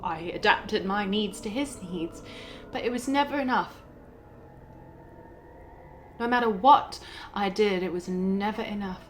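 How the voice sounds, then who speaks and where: An actress playing a young wife who records a shaken video message to her mother, speaking softly and haltingly. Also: medium pitch, slight background noise, close to an everyday voice, rough recording. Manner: soft, hesitant, halting delivery with quiet dips. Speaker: actor in a short film. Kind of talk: dramatic monologue as a video message.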